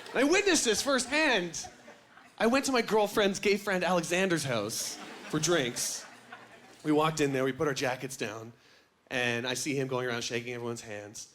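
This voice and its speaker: A man performing a stand-up comedy set on a club stage, animated and acting out the voices of other people. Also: fairly high pitch, moderate pace, a little hiss or hum. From Canada.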